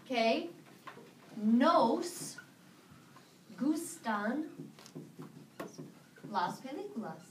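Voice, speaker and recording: A woman teaching a high school Spanish class, upbeat and encouraging, quick to praise her students. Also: expressive, a little hiss or hum. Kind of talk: classroom lesson. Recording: echoey classroom from a distance.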